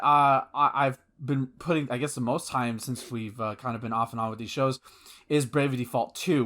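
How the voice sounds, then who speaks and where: A man's voice: mid-range voice, fairly bright tone. A man co-hosting a gaming podcast in casual chat, rambling with many fillers and restarts, enthusiastic and swearing casually. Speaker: podcast co-host.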